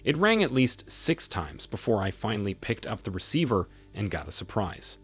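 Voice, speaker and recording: A man's voice: fairly low pitch, big pitch swings, moderate pace, few pauses, breathy edge, faint music behind. A man narrating a first-person story in a wry, bitter way.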